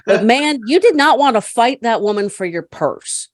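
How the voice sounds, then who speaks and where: A woman's voice: a little high, moderate pace, dry recording. Chatty woman telling a story, dry sound. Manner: chatty, animated, laughs often. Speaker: podcast guest, caregiver advocate. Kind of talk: storytelling in casual conversation.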